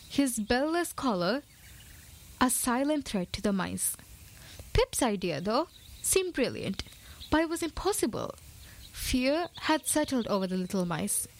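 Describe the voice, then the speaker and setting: A woman narrating a children's story in an expressive, lively way. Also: fairly high pitch, poor audio.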